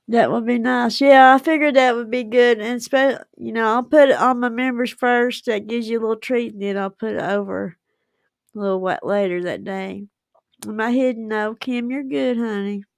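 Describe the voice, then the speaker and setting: A woman's voice: fairly high pitch, normal speed, dry recording, clean studio sound. A woman, chatting casually with viewers on a livestream and rambling on in her dialect. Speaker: livestream host.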